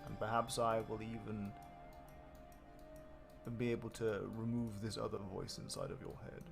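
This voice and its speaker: A man voicing a seductive ancient dark entity that speaks into a hero's mind in a tabletop game, slow and coaxing. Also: fairly low pitch, flat delivery, creaky, music in the background, voice pushed down.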